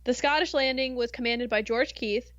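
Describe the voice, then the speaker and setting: An American woman hosting a podcast, telling history in a casual, giggly, animated way with playful asides. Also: on the high side, moderate pace, dry recording, lo-fi sound. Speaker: podcast host.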